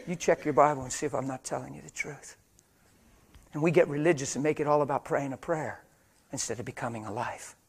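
A middle-aged man preaching a sermon in a church, moving between quiet, hushed storytelling and loud, fervent exhortation. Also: mid-range voice, brisk, creaky, husky.

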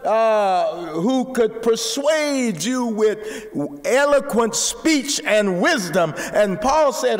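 High-voiced preacher in an echoing church. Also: male voice, expressive, extremely slow, hardly any pauses. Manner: preaching, rising to shouts, repeating words. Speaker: pastor. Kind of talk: sermon.

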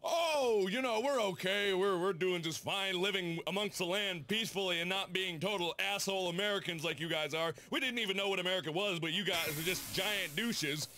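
Guy doing laid-back swole bro, slow drawl, bright voice. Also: sits high, slight background noise. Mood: chill.

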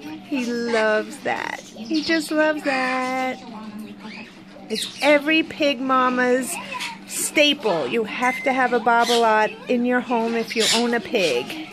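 Woman, home pet vlog, high sing-song baby talk, slow and easy, squawking birds behind. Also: very noisy. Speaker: pet owner filming her animals. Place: home with caged birds and pets. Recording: loud bird squawks and clicks behind.

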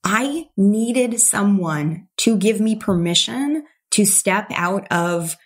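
A woman's voice: medium pitch, animated, takes it slowly. A middle-aged woman as a podcast guest, telling a personal story with animation and acting out the voices of the people in it. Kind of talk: storytelling in an interview.

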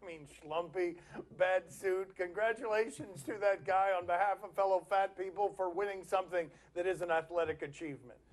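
Brief: male sports-show co-host, high pitch, ribbing humor. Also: steady tone, moderate pace. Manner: mocking, jokey.

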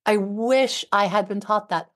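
Guesting on a podcast interview, a middle-aged relationship expert and author talks with a measured pace and a medium-pitched, fairly bright voice. She comes across heartfelt and emphatic, circling back to the same phrases again and again.

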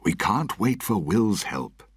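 A man's voice: fairly low pitch, big pitch swings, slow pace, breathy edge, no echo, clean studio sound, voice pushed up, exaggerated voice. A man putting on an anxious fatherly governor. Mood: insistent. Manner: urgent, pleading. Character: anxious older male colonial governor, protective father.

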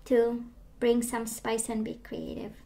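A woman losing her voice gives a gentle, reassuring tarot reading, talking with many fillers. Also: a little high, completely flat delivery, slow. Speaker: tarot reader.

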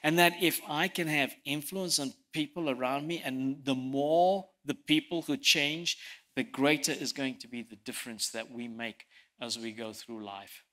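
A man preaching a sermon, telling stories and swinging from loud emphasis to soft, quiet lines, sometimes repeating words as he presses a point. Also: mid-range voice, steady tone, unhurried. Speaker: pastor.

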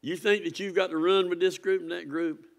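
Man preaching; somewhat high voice, big swings from loud to hushed. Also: little pitch movement, fairly quick, vocal fry. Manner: impassioned preaching, rising to near-shouts and dropping low. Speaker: pastor. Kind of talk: sermon.

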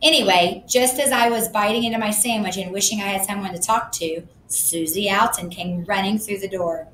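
A woman's voice: medium pitch, moderate pace, fairly bright tone, roomy sound, slight background noise, poor audio. A woman narrating a first-person children's book in a plain, matter-of-fact storytelling manner. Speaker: audiobook narrator.

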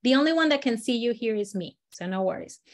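Expressive storytelling teacher, woman, higher voice. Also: fast. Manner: expressive, encouraging, demonstrates lines with lively voice changes. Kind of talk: workshop instruction with acted demonstrations.

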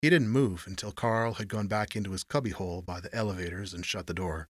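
Low-voiced man narrating noir. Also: quick pace, dry recording, studio quality. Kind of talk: scripted narration of a noir story.

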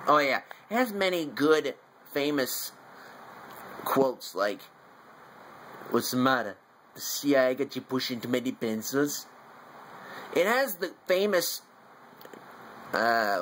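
A man's voice: on the high side, pushed and bright, slight background noise, poor audio. A man casually reviewing a favorite movie and showing his figures, rambling and correcting himself as he goes. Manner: eager fan showing off collectible figures. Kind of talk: casual home video review.

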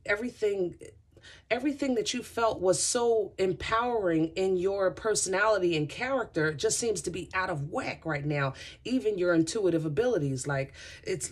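A woman's voice: fairly low pitch, husky. A woman giving a casual tarot reading to her viewers, chatty and effusive, rambling through asides and talking straight to her listeners. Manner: addresses listeners directly and often. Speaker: tarot reader.

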